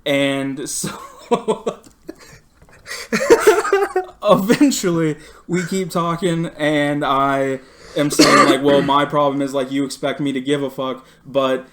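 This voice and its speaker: A man's voice: fairly high pitch, slow. Profane, laughing storyteller guy. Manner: profane, animated, laughs while retelling. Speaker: podcast co-host. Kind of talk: casual storytelling chat.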